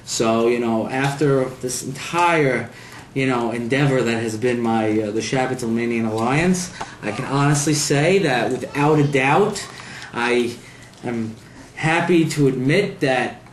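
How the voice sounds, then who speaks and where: A man's voice: mid-range voice, unhurried. A young man telling stories about his future in-laws with wry, self-mocking humor in a casual home interview. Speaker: interviewee, groom-to-be. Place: apartment room. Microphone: home video camera. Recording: roomy home video with faint noise.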